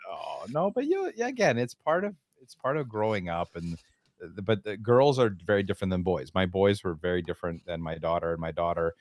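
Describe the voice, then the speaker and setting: A man's voice: sits low, sing-song, fairly quick, no echo, clean studio sound. A middle-aged man co-hosting a podcast in casual chat, emphatic and repetitive as he gives fatherly advice. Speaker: podcast co-host.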